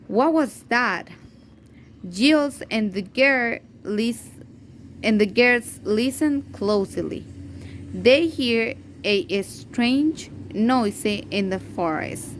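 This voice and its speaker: A woman teacher reads a children's story aloud, slowly and with care, often stopping to repeat or fix a word. Her voice sits a little high. A faint hiss runs under the recording. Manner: careful, halting read-aloud with restarts and repeats. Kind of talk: reading a story aloud slowly, then in Spanish.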